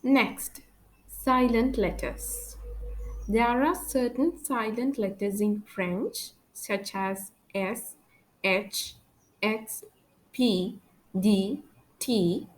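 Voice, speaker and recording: Brief: female language teacher, measured and deliberate, very slow delivery, mid-pitched voice. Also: rough recording. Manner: slow, careful letter-by-letter pronunciation. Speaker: French teacher. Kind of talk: slow spoken language lesson.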